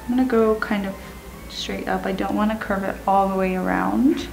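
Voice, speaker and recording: A woman explaining a makeup look step by step in a calm talk-through while she works, sometimes dropping to a whisper. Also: mid-range voice, normal speed, gravelly, soft background music, poor audio. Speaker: makeup tutorial host.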